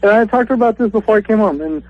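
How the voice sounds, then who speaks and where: Man, radio caller, sheepish, rambling, high voice, muffled phone line. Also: very fast. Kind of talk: telling a story on a call-in show.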